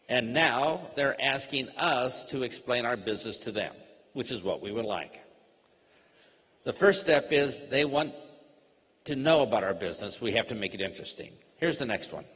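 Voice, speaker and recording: Brief: male trainer, mid-pitched, slow clear teaching delivery, long reverb. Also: animated, a bit bright. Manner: slow, plainly worded, acts out sample dialogue. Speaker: network marketing trainer. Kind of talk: slow, simple teaching talk.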